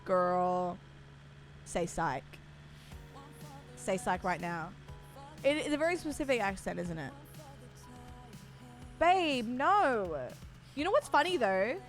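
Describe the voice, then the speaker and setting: A woman from Australia with a soft Australian accent, chatting casually with her viewers while streaming a game. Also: mid-range voice, sing-song, slow, long pauses, faint music behind. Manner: chatty storyteller, talks to her chat by name. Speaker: livestreamer.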